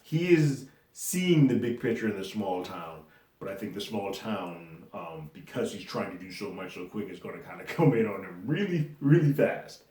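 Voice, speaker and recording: A man's voice: lowish voice, lively intonation, normal speed, mellow. A man giving a loose, conversational recap of a TV episode, chuckling now and then as he talks it through. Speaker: movie and TV reviewer. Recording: roomy echo.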